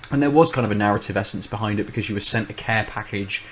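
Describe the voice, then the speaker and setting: A man's voice: lowish voice, very fast, noisy background. A man, co-host of a podcast, in casual chat, rambling and thinking aloud with many restarts.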